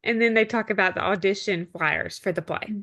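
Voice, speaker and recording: A woman co-hosting a relaxed podcast, recapping a TV episode scene by scene in an ordinary mid-range voice. She keeps the chat moving with frequent quick agreements. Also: mid-range voice. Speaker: podcast co-host.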